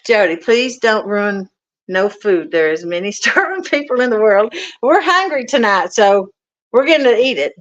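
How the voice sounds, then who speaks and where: A woman's voice: mid-range voice, very animated, moderate pace. A woman hosting a casual livestream from a home kitchen, greeting viewers and reading out their comments in a folksy, chatty way. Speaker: livestream host. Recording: dull lo-fi stream audio.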